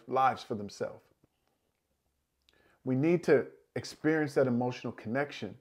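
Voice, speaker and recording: A man's voice: medium pitch, darkish tone, husky. Earnest man giving a motivational talk. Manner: earnest, encouraging, repeats key phrases. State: emotional at times. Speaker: life coach.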